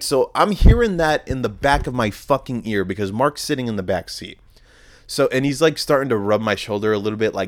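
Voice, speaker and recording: A man's voice: fairly low pitch, expressive, moderate pace. A young man in his twenties hosting a podcast, telling a rambling, profane, self-deprecating story about a night out. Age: 20s. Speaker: podcast host. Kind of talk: casual storytelling monologue.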